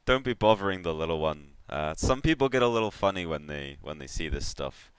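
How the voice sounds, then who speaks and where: A sly, grinning catfish-man who trades in souls, as a man puts him on for a tabletop game. He drawls folksy and easy, higher and louder than the game master's own very deep voice, smooth and dry. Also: animated, fairly quick, no room sound. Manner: drawling folksy speech, calls everyone man. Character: gurgling catfish-man soul collector, sly and jovial.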